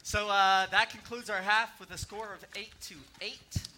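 High-voiced man emceeing like a sports announcer. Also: level tone, moderate pace, sharp tone. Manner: jokey, sports-announcer style. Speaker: event host and referee. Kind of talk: playful emcee banter. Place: church stage. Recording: noisy live church event.

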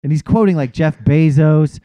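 A man's voice: a little high, normal speed, mellow, dry recording. A man hosting a podcast in casual chat, laid-back, swearing freely and restarting his sentences. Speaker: podcast host.

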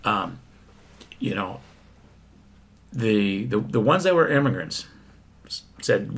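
Gravelly, husky-voiced man in casual chat. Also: on the low side, big pitch swings, slow pace, pauses often. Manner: hesitant, many fillers and restarts.

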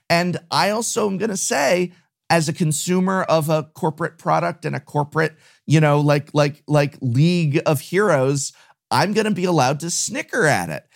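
A man co-hosting a casual chat, speaking in an opinionated, expressive way with frequent hesitations. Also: a little high, moderate pace, vocal fry. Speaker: co-host.

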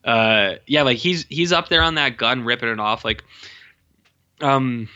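A man chats about a movie, animated and profane, breaking into goofy voices for the characters. His voice is bright and forceful, and the recording sounds dull and lo-fi. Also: mid-range voice, a little slow. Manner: animated, profane, acts out film lines in funny voices. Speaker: podcast co-host. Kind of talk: casual movie chat.

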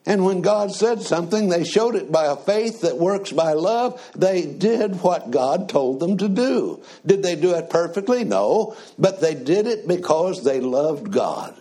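A man preaching a sermon in a slow, conversational way, often asking the congregation questions. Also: high voice, big pitch swings, warm tone, husky.

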